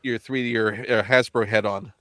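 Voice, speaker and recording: A man's voice: lowish voice, steady tone, moderate pace, pushed and bright, no room sound. A man with a General American accent hosting a casual chat in a wry, playfully teasing way. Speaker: host.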